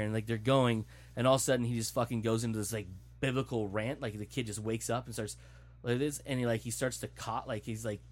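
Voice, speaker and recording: A young man tells a story in a loose, casual way, swearing freely. He mimics what the characters say as he retells the plot to his friends. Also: fairly low pitch. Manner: animated, profane storytelling, acting out quotes.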